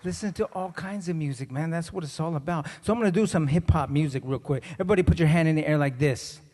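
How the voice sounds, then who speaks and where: This stage performer has a slightly high, darkish voice and talks fast. Relaxed and jokey, he spins a comic story and pumps up the crowd through call-and-response, his voice echoing around a large conference hall.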